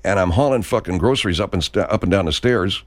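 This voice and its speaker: A man's voice: low-pitched, expressive, quick pace, no room sound. Profane rambling man in his sixties. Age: 60s. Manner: profane, rambling, full of restarts. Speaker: podcast host. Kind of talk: casual rambling monologue.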